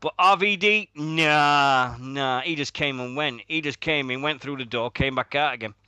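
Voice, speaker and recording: A British man with a bright, forceful voice co-hosts a radio show in loose, sweary banter and laughs at his own stories. He is recorded up close and dry, with no room sound. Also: medium pitch, moderate pace, smooth, dry recording. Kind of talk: casual podcast banter.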